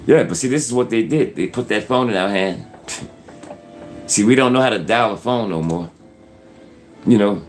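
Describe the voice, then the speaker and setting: A man hosting his own channel, talking to viewers in an earnest, repetitive, preachy way. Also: lowish voice. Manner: earnest, repetitive, keeps saying "folks". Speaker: YouTube channel host. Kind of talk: casual preachy commentary.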